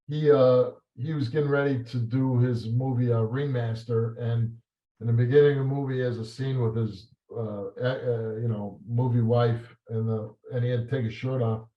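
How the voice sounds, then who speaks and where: A man in an interview, telling stories and reminiscing in a halting way, with many fillers and restarts. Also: medium pitch. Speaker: talk show host as guest. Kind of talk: reflective interview answers. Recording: roomy and slightly dull sound.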